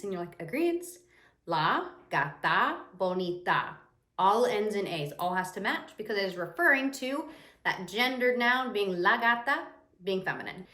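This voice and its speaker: Young woman, language teacher, chatty, lively, casual lesson, mid-pitched voice, roomy echo. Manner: lively, chatty, imitates the viewer's reactions. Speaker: Spanish teacher. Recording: echoey room.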